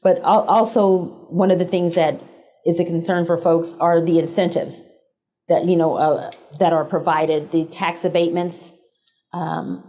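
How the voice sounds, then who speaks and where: Female candidate on a talk show, mellow and low, plain-spoken and measured. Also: little pitch movement. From United States. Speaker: guest, political candidate. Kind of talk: interview answers.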